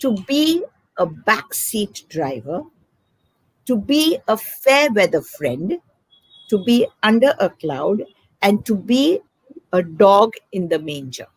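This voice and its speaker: A woman's voice: medium pitch, sing-song, takes it slowly, slightly rough, no echo, low-quality recording. A woman educator, patiently explaining teaching examples in an interview.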